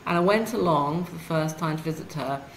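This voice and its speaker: Low-voiced British woman in an echoey room. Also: fairly quick. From United Kingdom. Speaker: guest, author and blogger. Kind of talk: conversational interview. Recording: echoey room with faint noise.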